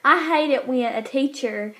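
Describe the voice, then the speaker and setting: A woman's voice: high voice, measured pace, pushed and bright, slight background noise. A teenage girl chatting casually as a vlogger, rambling and hesitant with many restarts. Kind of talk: casual chat.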